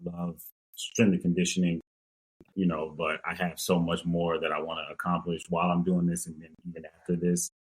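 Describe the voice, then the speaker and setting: Man, young adult, coach, deep voice, slightly husky, relaxed answers. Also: fairly quick, rough recording. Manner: relaxed, thoughtful, with many fillers. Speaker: strength and conditioning coach. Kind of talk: casual interview answers.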